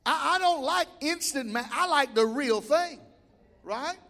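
A man preaching in a church, his voice unusually high. He talks in a folksy way and climbs into shouted builds. The sound carries a long hall reverb. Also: lively intonation, measured pace. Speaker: pastor. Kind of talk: sermon. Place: church sanctuary.

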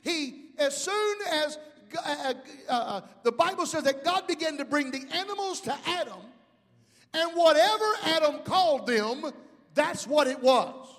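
A middle-aged male pastor preaching a sermon, calling out to the congregation and rising into shouts. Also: very high-pitched, lively intonation, a little slow, in a large hall. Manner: preaching with call-outs to the congregation.

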